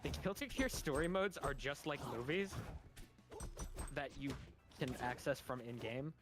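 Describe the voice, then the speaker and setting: A man's voice: medium pitch, lively intonation, measured pace, music in the background. A man co-hosting a game stream in casual chat, nerdily explaining game lore at length with small chuckles.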